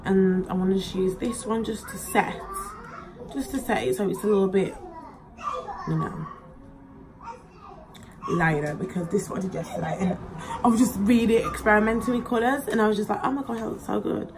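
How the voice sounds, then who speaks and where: Young woman, beauty vlogger, mid-pitched voice, rambly chatty delivery into a close camera, faint background noise. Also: normal speed, long pauses. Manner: rambling and chatty, full of likes and ums. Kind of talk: casual chat while doing makeup. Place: at home.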